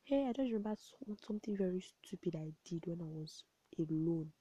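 A young woman, chatting casually to camera in a rambling storytelling way, often dropping to soft asides. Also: on the low side, animated, brisk, husky, no room sound. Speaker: vlogger. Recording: dull, lo-fi home recording.

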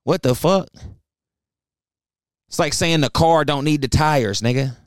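A man's voice: a little high, a little slow, no room sound, clean studio sound. A young man hosting a podcast, ranting bluntly and profanely, heated and preachy. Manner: heated, fired up. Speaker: podcast host. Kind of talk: ranting solo podcast talk.

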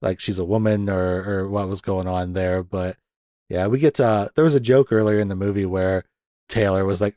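A man's voice: low-pitched, normal speed, no echo, clean studio sound. A man hosting a podcast, casually retelling film scenes with lots of laughter and acted-out quotes. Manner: animated retelling, acts out quotes, laughs often. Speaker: podcast host. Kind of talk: casual movie discussion.

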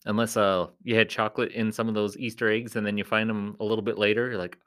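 A man who works as a clown entertainer, chatting casually and playfully in a rambling vlog, often jumping into high silly tones. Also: level tone, quick pace, fairly bright tone.

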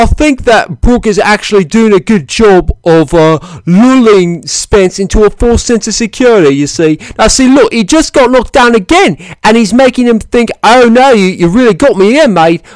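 Man doing a bad put-on British accent as a deluded boxing fan, higher and louder than his own voice, mock-earnest, dry close sound. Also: dry recording, poor audio. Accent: put-on British, poorly done. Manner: mock-earnest, exaggerated, animated. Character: biased British boxing fan, adult man, stubbornly optimistic.

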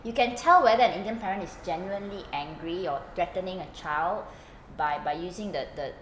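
A woman's voice: lowish voice, a little fast. A woman who teaches school, chatting on a podcast and telling stories with bursts of laughter. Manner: animated storyteller, bursts of laughter. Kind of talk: casual chat. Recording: echoey room, faint hum.

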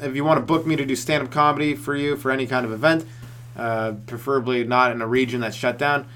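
A man's voice: medium pitch, steady tone, a bit bright, slight background noise. Rambling man riffing stand-up. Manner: rambling, profane, tangent-chasing; slips into quick voices of others. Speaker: stand-up comedian and podcast host. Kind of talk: improvised solo comedy rant.

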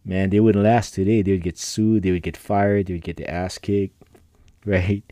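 A man's voice: low voice, level tone, moderate pace, mellow, no echo, studio quality. A middle-aged man hosting a podcast, telling personal stories in a laid-back, rambling way with slang and frequent laughter. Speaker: podcast host. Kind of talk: casual personal storytelling.

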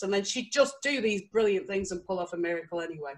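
A woman, a guest author telling a lively story and breaking into laughter and quoted voices. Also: mid-range voice, quick pace. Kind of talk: casual storytelling.

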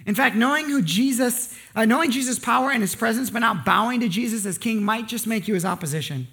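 Male pastor with a high voice, casual sermon full of rhetorical questions. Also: fast, fairly bright tone. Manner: conversational, joking asides, rhetorical questions.

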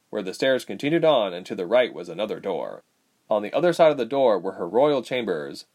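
A man narrating a fantasy story aloud, with steady, expressive storytelling. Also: lowish voice. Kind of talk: storybook reading.

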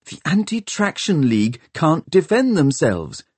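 Man doing a young woman, raised high voice, teary and earnest, really determined. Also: very animated, a little slow, darkish tone, husky, no room sound, full character voice. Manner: tearful, earnest.

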